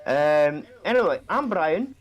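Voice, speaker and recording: A man's voice: fairly high pitch, very animated, slow pace. A man joining as a livestream guest over a phone, joking and self-deprecating. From Scotland. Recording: dull lo-fi phone audio.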